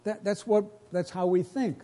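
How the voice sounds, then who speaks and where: A man's voice: high-pitched, fairly even intonation, moderate pace, dark tone. A pastor preaching a sermon to his congregation, earnest and emotional, repeating phrases as he builds each point.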